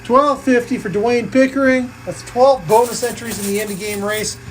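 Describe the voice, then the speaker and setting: A woman's voice: a little high, steady tone, moderate pace, slight background noise, rough recording. A woman hosting a live coin-pusher game stream, calling plays and tallying scores in a playful, jokey way. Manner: playful, jokey, counting totals aloud. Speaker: live game show host. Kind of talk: live-stream play-by-play commentary.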